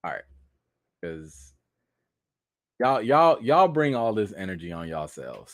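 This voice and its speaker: Animated man hosting a casual news stream. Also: mid-range voice, no echo, studio quality. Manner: animated, talks straight to viewers with lots of "y'all" and "okay". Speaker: live stream host. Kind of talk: casual live chat about film news.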